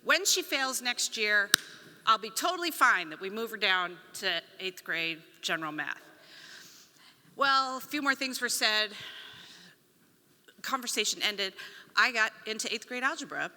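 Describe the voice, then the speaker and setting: Bright animated woman telling stories on stage. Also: medium pitch, measured pace, pauses often. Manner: animated, acts out quoted voices. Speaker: conference speaker; speech pathologist. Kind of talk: storytelling keynote talk. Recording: long reverb of a hall.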